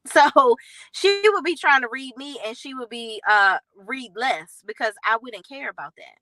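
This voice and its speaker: A woman hosting a reality TV recap vlog, talking bluntly and with sass, in slangy, animated storytelling. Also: fairly high pitch, a little fast, no echo, rough recording. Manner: blunt, sassy, slangy commentary; animated storytelling with acted quotes.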